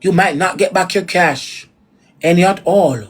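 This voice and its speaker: A woman's voice: fairly low pitch, unhurried, breathy edge. A woman with a Jamaican accent giving blunt, repetitive commentary in patois on a reaction vlog.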